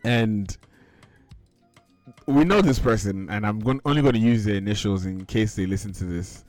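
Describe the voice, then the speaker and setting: A man hosts a casual rant podcast, his voice sitting on the low side. He tells stories with laughter and bursts into acted-out quotes, and the sound is dry, with faint music underneath. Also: moderate pace, no echo. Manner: animated storytelling, laughing, acting out quotes. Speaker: podcast host. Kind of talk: casual ranting chat.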